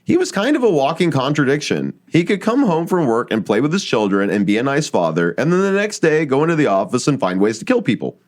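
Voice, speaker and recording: A man's voice: mid-range voice, sing-song, quick pace, few pauses. A man hosting a casual podcast, telling a researched story in a chatty way with frequent fillers. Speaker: podcast host.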